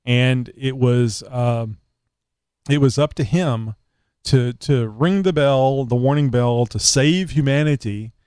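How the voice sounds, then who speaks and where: Guy cohosting a live podcast, rambles and jokes around, mid-pitched voice, dry close mic. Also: slow pace, a little mellow, clear, resonant tone, no echo. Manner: rambling, joking, with frequent fillers. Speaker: co-host. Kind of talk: casual live podcast chat.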